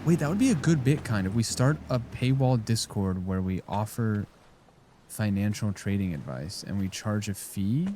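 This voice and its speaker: A man's voice: on the low side, expressive, normal speed, dark tone, a little hiss or hum. A man streaming a game, rambling and joking casually as he talks to his chat. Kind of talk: casual live-stream chat while gaming.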